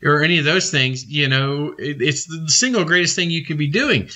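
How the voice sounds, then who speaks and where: A man giving an informal devotional teaching, earnest and animated, rambling with many fillers. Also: a little high, moderate pace. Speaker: preacher.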